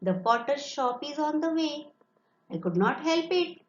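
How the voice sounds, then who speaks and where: A woman reading aloud as a clever young merchant's daughter, speaking up brightly and reassuringly. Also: high-pitched, animated, measured pace, voice pushed up. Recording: roomy, dull classroom recording.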